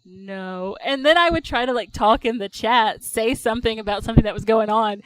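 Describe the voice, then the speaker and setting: A woman co-hosting a podcast in loose, casual chat, her voice sitting a little high. She rambles and giggles, piling on fillers as she tells a story. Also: quick pace, no room sound, rough recording. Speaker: podcast co-host.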